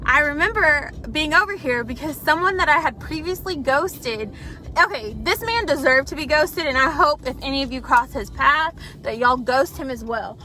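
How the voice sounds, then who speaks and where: A woman's voice: high-pitched, animated, normal speed, bright, forceful tone. A young woman telling a casual, profane storytime to her viewers from her car, talking in a chatty way and calling them y'all. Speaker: vlogger. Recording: noisy car recording.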